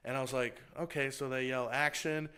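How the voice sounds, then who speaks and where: A man with a Texan accent, a comedian telling an animated story on a podcast and acting out other people's lines. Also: brisk, clear, resonant tone. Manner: animated, acts out other people's lines with big pitch jumps. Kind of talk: casual storytelling chat.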